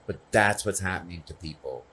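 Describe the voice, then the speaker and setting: A man's voice: low voice, brisk, pushed and bright, breathy edge. A man speaking earnestly and personally at a conference, often checking in with the audience. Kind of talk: conversational conference talk.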